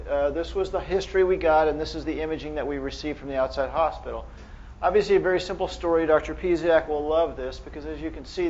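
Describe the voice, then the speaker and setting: Man lecturing medical audience, somewhat high voice. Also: muffled recording, a little hiss or hum. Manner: conversational, quizzes the audience, many restarts. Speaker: neurohospitalist lecturer.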